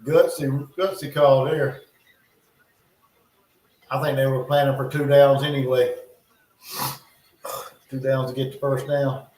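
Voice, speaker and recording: This streamer's medium-pitched voice is level and darkish, slow and full of pauses, with slight background noise. Reacting live to football from his North Carolina home, he gives chatty, think-aloud commentary with muttered asides, and the room carries a broad echo.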